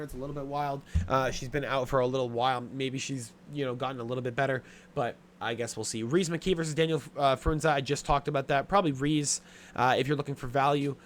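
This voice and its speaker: On his sports betting podcast, this young host goes over his picks in a casual, profane way, packed with fillers and blunt remarks. His voice is medium in pitch, with a little hiss or hum in the audio.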